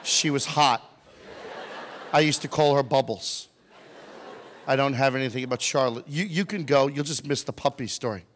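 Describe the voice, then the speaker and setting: A man's voice: medium pitch, moderate pace, long pauses, a little hiss or hum. A man telling a funny story to a live audience as a motivational speaker, teasing people in the crowd. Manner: animated, jokey, teases audience members. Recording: long hall reverb.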